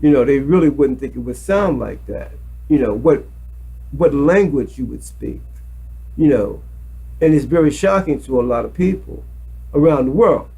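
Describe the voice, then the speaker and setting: A man's voice: medium pitch, lively intonation, moderate pace, dark tone, slightly rough, poor audio. A man giving a rambling, preachy monologue to a webcam, often repeating his words. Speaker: self-made video commentator. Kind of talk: casual monologue to camera.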